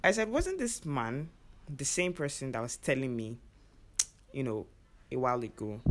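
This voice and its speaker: Young adult woman, casual storyteller, animated retelling with quoted lines and whispered asides. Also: extremely low pitch, normal speed. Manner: animated, acts out other people's lines, drops into whispered asides.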